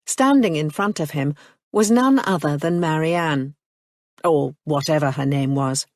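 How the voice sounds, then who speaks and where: A woman narrating an audiobook in a measured, even reading. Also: low-pitched, no room sound, studio quality. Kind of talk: scripted narration.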